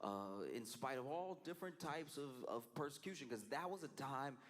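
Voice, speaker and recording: Animated, laughing male streamer. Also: mid-range voice, moderate pace. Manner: animated, laughing, acts out quoted voices. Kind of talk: casual chat on a live stream.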